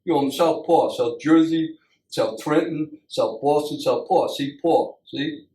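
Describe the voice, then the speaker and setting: A man voicing a gruff, streetwise Italian-American mob boss with a mumbling tough-guy delivery. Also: on the high side, unhurried, dark tone, far from the mic, lightly acted. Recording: roomy sound from off-mic.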